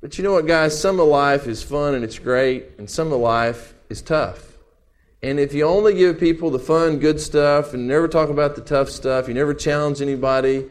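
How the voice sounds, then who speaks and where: Animated preacher man, fairly high voice. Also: moderate pace. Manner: jokey, animated delivery, laughs while reading. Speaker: pastor. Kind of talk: sermon.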